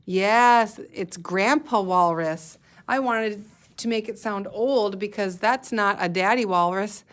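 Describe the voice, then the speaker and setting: A woman's voice: mid-range voice, takes it slowly. A woman teacher leading a guided reading lesson for young children, patiently sounding out letters and words. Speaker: elementary school teacher.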